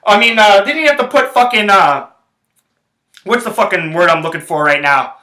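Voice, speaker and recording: A man's voice: sits high, animated, moderate pace, sharp tone, echoey room, low-quality recording. A man hosting his own podcast, ranting about sports in a rambling, profane, heated way. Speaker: podcast host. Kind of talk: casual sports rant.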